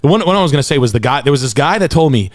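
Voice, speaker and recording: Fast-talking man, dry close sound. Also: mid-range voice, no room sound. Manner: rapid, animated storyteller. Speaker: podcast guest. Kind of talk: casual comedic chat.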